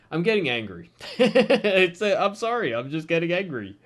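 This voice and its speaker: A man's voice: fairly high pitch, sing-song, normal speed. A young man hosting a comic review channel, ranting in exasperation, swearing a lot and saying "dude" often. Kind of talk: ranting commentary.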